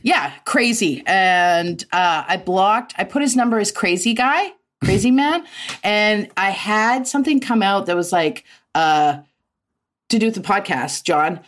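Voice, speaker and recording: A woman's voice: medium pitch, expressive, a little slow, a bit bright. Woman guest, blunt storyteller, swears freely, laughs often, casual podcast chat.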